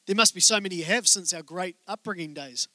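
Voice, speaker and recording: A male pastor giving a sermon, telling stories in a joking, conversational way and speaking straight to the congregation with quick asides. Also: sits high, bright, forceful tone, no echo. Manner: joking, conversational storytelling from the pulpit.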